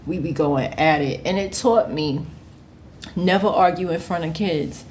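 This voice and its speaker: Animated woman telling a story. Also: lowish voice, unhurried, a little hiss or hum. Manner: animated, acts out quoted voices; laughs often at her own story. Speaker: vlogger. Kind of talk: casual storytime.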